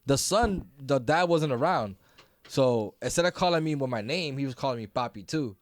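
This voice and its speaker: A man's voice: mid-range voice, lively intonation, moderate pace, no echo, clean studio sound. A man hosting a podcast, telling a loose, profane story and laughing often. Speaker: podcast host. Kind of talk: casual chat.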